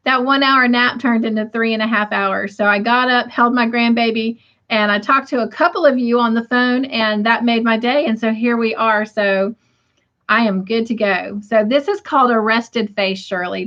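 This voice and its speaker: A woman's voice: on the high side, a bit bright. A middle-aged woman, hosting a casual livestream from home, chatty and laughing often as she reads viewer comments aloud. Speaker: livestream host. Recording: dull lo-fi stream audio.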